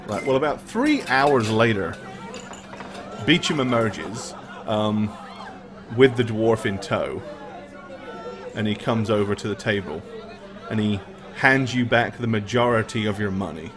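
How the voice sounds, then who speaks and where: A man narrating as game master of a tabletop game, relaxed and with frequent ums. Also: on the low side, unhurried, pauses often, a crowd in the background.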